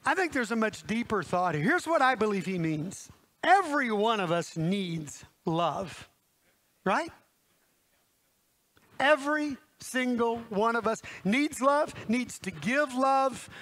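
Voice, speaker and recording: A man preaching a folksy sermon with a high, bright voice that cuts through. He talks straight to the congregation in the church, animated and chatty. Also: slow pace.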